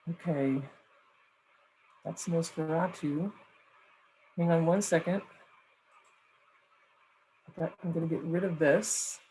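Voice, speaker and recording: A woman's voice: on the low side, slight background noise, low-quality recording. A woman professor giving a mock lecture over a video call, loose and conversational, thinking aloud.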